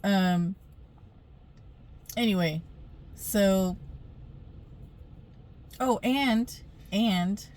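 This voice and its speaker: A woman's voice: mid-range voice, a little mellow, slight background noise. A middle-aged woman telling a rambling storytime vlog into her phone camera, chatty, with many fillers and frequent laughs. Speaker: spiritual vlogger.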